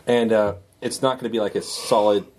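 A man's voice: on the low side, steady tone, fairly quick, darkish tone, a little hiss or hum. A man playing a tabletop game, talking casually in a wry, teasing way. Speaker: player.

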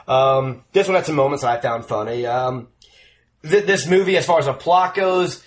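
A man's voice: medium pitch, normal speed. A man casually discussing films on a podcast, rambling and enthusiastic, swearing now and then. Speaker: podcast co-host.

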